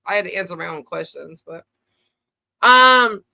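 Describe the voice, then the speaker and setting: A woman's voice: low voice, steady tone, fast talker, creaky, pushed and bright. A woman hosting a live stream in casual chat. She rambles loosely and swears freely.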